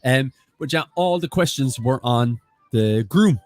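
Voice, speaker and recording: Lively chatty male quiz co-host. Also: mid-range voice, measured pace. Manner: chatty, greeting viewers by name. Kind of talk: casual banter on a livestream.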